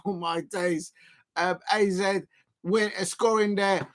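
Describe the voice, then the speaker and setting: A man commentating live on a football match for his stream, rambling with many fillers and breaking into excited shouts at chances. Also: high voice, slow. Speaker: football watch-along streamer.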